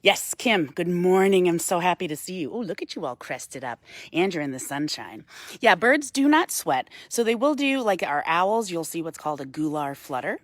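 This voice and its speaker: A woman wildlife educator giving a live-streamed talk outdoors on a woodland path into a handheld phone, explaining calmly to viewers and cooing softly to the bird between. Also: on the low side, normal speed, dry recording.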